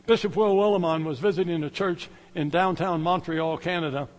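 A middle-aged man preaching a sermon, swinging between loud exclamations and hushed, slow lines. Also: fairly high pitch, steady tone, big-room sound.

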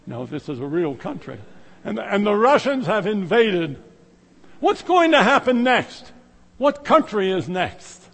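A middle-aged male preacher delivering a sermon with a high, very animated voice. He swings from loud, emphatic exclamations to hushed, drawn-out phrases. His voice rings with the long reverb of a church sanctuary. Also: breathy edge.

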